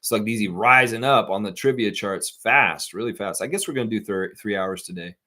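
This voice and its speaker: A Southern-accented man with a lowish voice hosts a casual live stream, talking briskly. He rambles animatedly as he reads and answers viewer comments, quoting imagined voices along the way.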